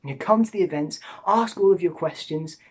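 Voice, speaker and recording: A speaker giving an earnest evangelistic talk to students, pleading and dropping to a hush at times. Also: medium pitch, moderate pace, husky.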